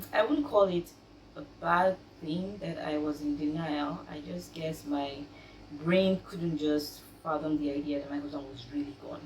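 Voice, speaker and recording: A young woman with a low voice shares a personal faith testimony, soft and halting with frequent pauses. She sits a little back from the mic in an echoey room, with faint noise behind her. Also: distant mic. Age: young adult. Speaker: vlogger sharing her grief.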